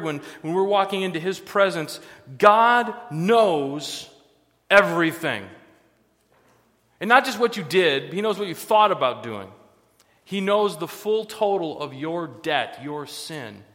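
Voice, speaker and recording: A man with a fairly high voice preaches a sermon, talking to the congregation in a relaxed, conversational way and slipping in wry jokes. His voice rings with the long reverb of a large hall. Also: unhurried. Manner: conversational with joking asides. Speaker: pastor.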